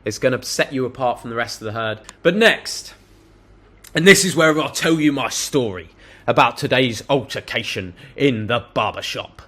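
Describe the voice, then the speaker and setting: A young man speaks straight to camera in a blunt, conversational way, dropping casual swear words as he tells his story. His voice sits at an ordinary middle pitch, and he talks with plain, no-nonsense confidence. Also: lively intonation, moderate pace, pushed and bright. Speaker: self-improvement vlogger. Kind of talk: direct-to-camera advice monologue.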